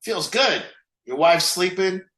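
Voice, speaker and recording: A man's voice: high-pitched, expressive, slow, bright, forceful tone, echoey room, low-quality recording. A man leading a recovery group, talking candidly and mocking himself, asking rhetorical questions. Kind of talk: group talk on a call.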